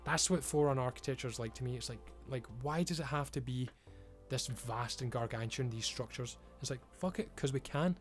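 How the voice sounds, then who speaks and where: Man, vlog rant, emphatic, sweary, frustrated, mid pitch. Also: a little fast, hardly any pauses, faint music behind. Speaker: video creator. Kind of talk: ranting commentary.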